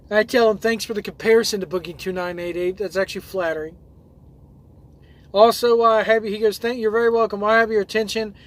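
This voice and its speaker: A man's voice: high voice, steady tone, a little fast, a bit bright. A man who drives trucks and hosts his own videos, reading viewer comments aloud in a loose, rambling way with lots of fillers and restarts.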